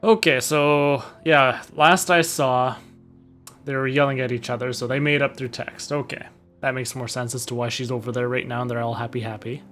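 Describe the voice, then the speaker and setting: A man's voice: mid-range voice, fairly even intonation, normal speed, a bit bright, slight background noise. A man doing casual live gameplay commentary, reacting loosely, swearing freely and reading in-game messages aloud. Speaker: streamer playing a game.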